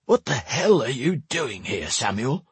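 A fretful old mage, gruff and easily rattled, his voice lifted well above a deep husky base and swinging widely between jumpy highs and mutters, as a narrator puts him on. He snaps at people and frets in turn, in a dry, close storybook reading. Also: huge pitch swings, slow, no echo, exaggerated voice. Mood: agitated. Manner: gruff and fretful, sudden sharp outbursts. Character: fussy nervous old male mage.

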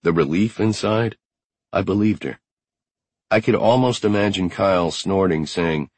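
A man reads a first-person novel in a measured, unhurried way. His voice is very deep and a little husky. It is recorded close and dry. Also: steady tone, no room sound. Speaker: audiobook narrator. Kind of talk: first-person audiobook narration.

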